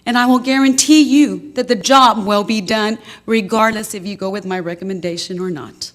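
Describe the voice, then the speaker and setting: A woman's voice: mid-range voice, normal speed, a bit bright. A woman who works as a school district's risk manager, giving an emotional but firm statement at a public meeting.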